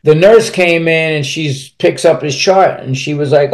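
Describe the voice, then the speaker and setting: A man's voice: a little high, fairly even intonation, moderate pace. Blunt, swearing man telling his story. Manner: blunt, profane, rambling with restarts. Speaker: podcast guest. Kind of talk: candid personal storytelling.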